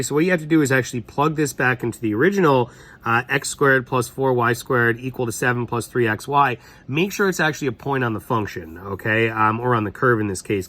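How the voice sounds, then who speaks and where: A man's voice: mid-range voice, a bit bright. A man, a math teacher talking through a problem in a casual, chatty way and thinking aloud. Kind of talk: recorded classroom lesson walkthrough.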